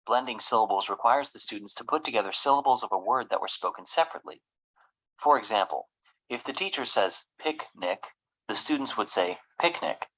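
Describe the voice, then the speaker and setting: A narrator reading a formal scripted explanation in an even tone. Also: mid-range voice, brisk, poor audio.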